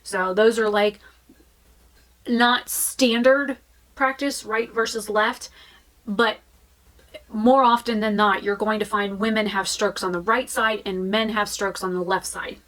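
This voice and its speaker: A woman's voice: mid-range voice, fairly bright tone, poor audio. A woman vlogging in a frank, chatty way, with fillers and restarts. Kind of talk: candid casual talk to camera.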